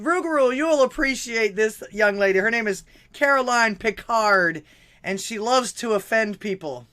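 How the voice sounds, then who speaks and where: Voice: mid-range voice, bright, forceful tone. A host of a call-in talk show chatting casually between clips. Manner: laughing, chatty. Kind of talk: casual chat playing clips.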